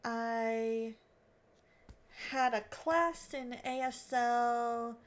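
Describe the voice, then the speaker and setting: A woman's voice: fairly high pitch, very slow. A woman from Arizona chatting casually on a live stream while she crochets, self-deprecating and restarting her sentences often. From Arizona, USA.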